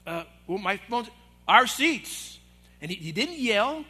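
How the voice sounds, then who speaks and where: A middle-aged male pastor with a high, bright, forceful voice. He tells a story to a men's group and slips into the voices of the people he quotes. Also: moderate pace, slightly rough. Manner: animated, acts out quoted voices. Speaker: assistant pastor. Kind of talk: storytelling sermon. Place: church hall.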